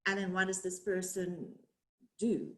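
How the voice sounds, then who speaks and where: Speaking a little slowly in a lowish, fairly bright voice, this woman from South Africa chats as a webinar guest, laughing often and poking fun at herself. Her South African accent carries some American influence, and the video-call audio is poor.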